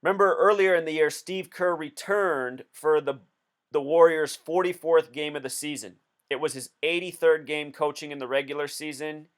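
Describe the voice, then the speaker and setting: A man's voice: on the high side, fairly even intonation, moderate pace, smooth. A man hosting a video, talking through a casual commentary in an insistent, explanatory way. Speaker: video host.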